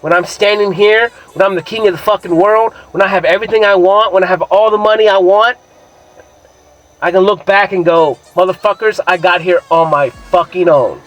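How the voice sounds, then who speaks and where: A man's voice: high-pitched, steady tone, brisk, soft background music, poor audio. A young man telling a rambling, profane personal story in a casual monologue, brash and self-assured, with lots of filler words. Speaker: vlogger.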